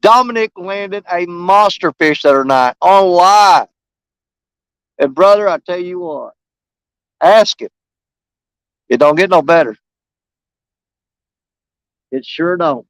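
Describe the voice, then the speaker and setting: A man's voice: high voice, lively intonation, slow, long pauses, a bit bright, clean tone, no room sound, low-quality recording. A man chatting to live-stream viewers outdoors by a river, folksy and enthusiastic.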